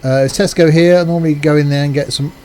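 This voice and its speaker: A man's voice: fairly high pitch, steady tone, quick pace, a little mellow, slight background noise. A man streaming a train simulator game live, chatting casually and teasing his viewers in a jokey way. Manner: jokey, teasing banter with chat.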